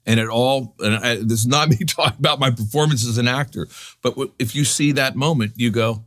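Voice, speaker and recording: A man from New York telling animated, profane stories as a guest in a casual interview, acting out the people he quotes. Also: medium pitch, fairly quick. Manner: animated, profane, restarts a lot, acts out quotes. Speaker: guest actor.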